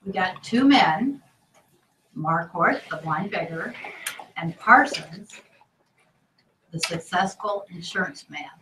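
A woman's voice: lowish voice, expressive, slow pace, long pauses, bright, forceful tone. A woman facilitating a training session, asking the group questions and prompting answers. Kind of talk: leading a group discussion. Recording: echoey room from far off, faint noise.

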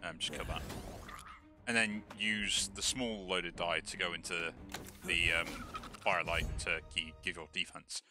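A man hosting a game video, thinking aloud in relaxed let's play commentary, with the hiccups. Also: low voice, unhurried. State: has the hiccups. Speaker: gaming channel host. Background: background music.

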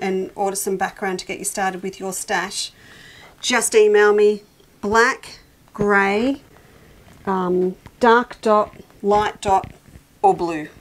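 A middle-aged woman hosting a casual quilt shop show, talking enthusiastically about fabrics and often breaking off mid-sentence. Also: mid-range voice. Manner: chatty, enthusiastic, self-interrupting. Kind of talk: casual product show-and-tell.

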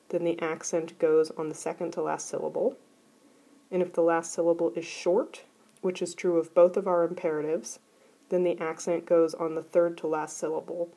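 A woman teaching a recorded grammar lesson, explaining clearly and methodically. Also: low-pitched, dark tone. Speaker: Greek teacher.

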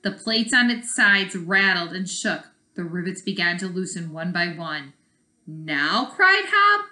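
A woman's voice: lowish voice, steady tone, normal speed, bright, forceful tone. Woman reading a storybook aloud in an echoey room. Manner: explains the story as she reads. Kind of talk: reading a chapter book aloud with asides.

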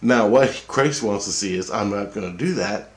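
A vlogger with a lowish voice recounts a long dream at normal speed, with slight background noise. His casual monologue rambles, profane and repetitive, and he keeps checking in by asking "okay?".

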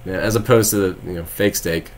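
A man's voice: low voice, fairly quick, slight background noise. A young man from Texas, live-streaming and chatting casually with viewers, rambling with frequent laughs and sarcastic asides.

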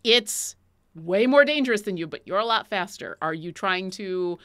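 Bright-voiced woman running a tabletop game. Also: mid-range voice, moderate pace, clear, resonant tone. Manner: lively, playful scene-setting. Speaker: dungeon master.

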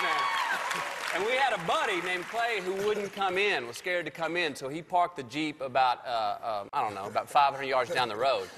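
A man's voice: fairly high pitch, moderate pace, over a noisy crowd. A man, a late-night talk show guest telling a long story, drawling and acting out other people's lines as he goes. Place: television studio stage. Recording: studio hall reverb with faint noise.

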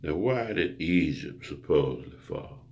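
A man's voice: rumbling low, lively intonation, measured pace, a little mellow. A man preaching a rambling monologue to his viewers, grandiose and profane, lecturing the listener. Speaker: self-styled preacher.

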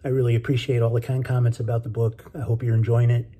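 A man's voice: mid-range voice, fast talker, breathy edge. A middle-aged man, an author, chatting casually with many ums before reading his book aloud. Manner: relaxed and friendly, many ums and uhs.

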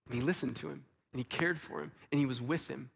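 A man preaching a sermon in a church, earnest, acting out quotes and dropping softly into stories. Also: medium pitch, fast, vocal fry, breathy edge, long reverb tail. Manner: earnest, acts out quotes, drops to soft tones for stories. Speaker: pastor. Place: church sanctuary.

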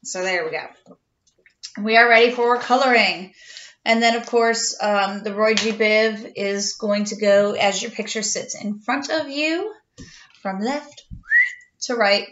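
A woman's voice: medium pitch, measured pace, fairly bright tone, slight background noise. A middle-aged woman, an art teacher, talking step by step through a drawing tutorial in a chatty way. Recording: echoey room, dull lo-fi sound.

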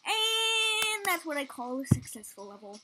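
A young woman giving excitable, casual commentary while playing a game, yelping at near misses. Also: extremely high pitch, measured pace, loud music behind the voice. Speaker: gaming channel host.

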